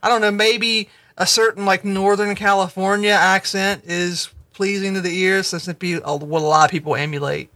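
A man with a high, bright, sharp voice in casual podcast chat. He halts, stammers and gropes for the right word as he makes his point. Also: fairly even intonation. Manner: halting, stammering, searching for words.

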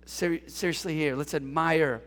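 A man preaching a lively sermon in a church, calling on the congregation to respond and mixing in jokes. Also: fairly high pitch, measured pace, vocal fry, long reverb tail. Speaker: pastor. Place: church sanctuary.

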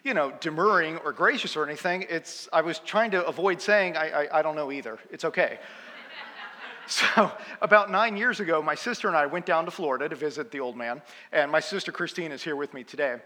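Bright-voiced man in his fifties, preaching. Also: fairly high pitch, brisk, long reverb tail. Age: 50s. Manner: self-deprecating, chatty, laughs at own jokes. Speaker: guest preacher. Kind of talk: humorous storytelling sermon.

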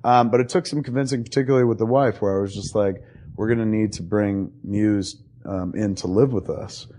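A man with a low-pitched voice tells a story in a loose, rambling way. He swears freely and jumps into other people's voices as he quotes them. He sounds middle-aged. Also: steady tone, a little fast, dark tone. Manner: rambling, profane, acts out quoted dialogue. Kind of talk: casual conversation, storytelling.

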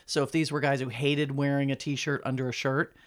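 A woman's voice: rumbling low, level tone, fairly quick. Chatty woman co-host, forties. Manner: chatty, storytelling with asides. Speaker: podcast co-host. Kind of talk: casual chat.

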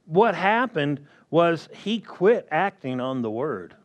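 Male preacher, fairly high voice, slow deliberate delivery, checks in with the congregation. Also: big pitch swings. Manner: slow, emphatic, asks the congregation questions. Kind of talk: sermon.

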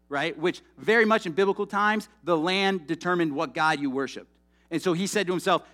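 Soft music plays in the background as a young man preaches in a casual, animated, conversational way. His voice is high and a little fast, and he keeps making asides to the congregation.

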